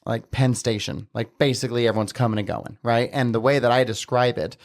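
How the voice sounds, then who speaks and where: A man's voice: medium pitch, fairly even intonation, a little fast. A man talking as a podcast guest, telling a personal story casually and earnestly, with many filler words. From Southern Utah, USA.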